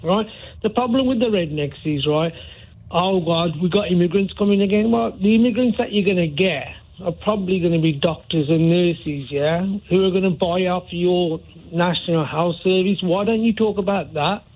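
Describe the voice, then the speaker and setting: A man's voice: high voice, normal speed. Black Country man calling in on a tinny phone line. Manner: chatty, repeats "yeah?" and "right?". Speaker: caller. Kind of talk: phone-in call.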